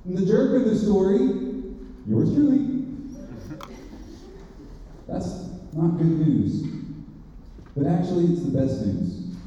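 A man's voice: high-pitched, expressive, slow, long pauses, dark tone, a little hiss or hum. A man giving a sermon built on a personal story, speaking earnestly and confessionally, with self-mocking humor. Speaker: speaker at a campus ministry. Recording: dull, roomy hall from far off.

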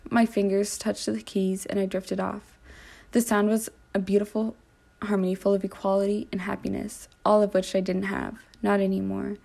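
A woman reads her own first-person story aloud with a dramatic delivery, now and then restarting a phrase. Her medium-pitched voice is dark and mellow with a gravelly fry, staying fairly flat in pitch at a normal speed.

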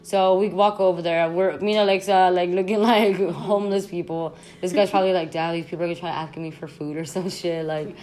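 Lower-voiced young woman telling a story. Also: a little fast, few pauses. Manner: animated, slangy, constant "like", swearing, laughs often. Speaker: podcast host. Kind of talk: casual storytime monologue.

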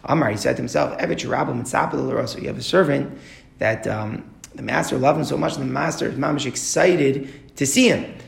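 Fast, gravelly male Torah teacher. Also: medium pitch. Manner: explains text line by line, asks rhetorical questions. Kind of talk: Talmud class lecture. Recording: echoey room.

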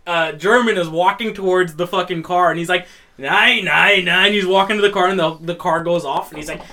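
High bright-voiced young man. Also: fast talker. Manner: swearing, animated storyteller who bursts into loud laughs. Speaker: podcast co-host. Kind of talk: casual chat.

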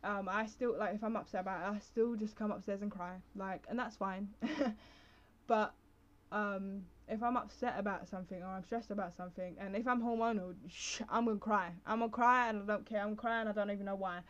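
Hosting a solo podcast, a young woman chats casually and wanders off track, cutting herself off and using plenty of fillers. Her mid-range voice is brisk and fairly even, and the lo-fi audio sounds slightly dull.

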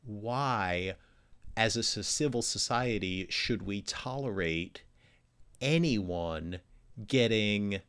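A man co-hosting a casual chat, speaking earnestly and thoughtfully about social issues, pausing to rephrase. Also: fairly low pitch, a bit bright, clear, resonant tone. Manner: earnest, thoughtful, some restarts. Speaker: podcast co-host. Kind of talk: casual chat, reflective commentary.

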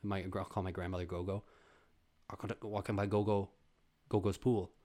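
Profane, lively man telling stories. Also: sits low, brisk. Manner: profane, animated storytelling with sudden loud bursts and quiet asides. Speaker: podcast host. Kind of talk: casual storytelling monologue.

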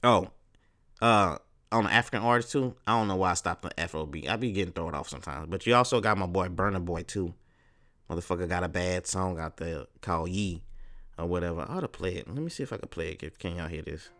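A man's voice: sits low, fast, fairly bright tone. A man hosting a casual solo podcast, talking in a profane, rambling, laid-back way full of street slang. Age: 30s. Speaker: podcast host.

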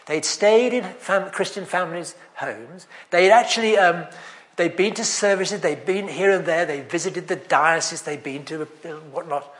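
A man preaches in a chatty, storytelling way, dropping in wry jokes at his own expense. His voice sits high for a man and swings widely in pitch as he talks. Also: fairly bright tone. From England. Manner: chatty, anecdotal, self-deprecating humour. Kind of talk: sermon.

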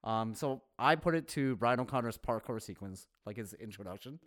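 A man co-hosting a movie review podcast, chatting casually and laughing often between quick asides. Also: medium pitch, lively intonation, fairly bright tone. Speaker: podcast co-host.

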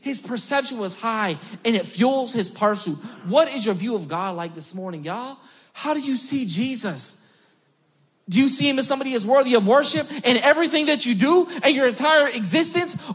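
A man in his thirties, a pastor preaching a sermon at a church service, impassioned and building at times to near-shouting. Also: very high-pitched, slightly rough.

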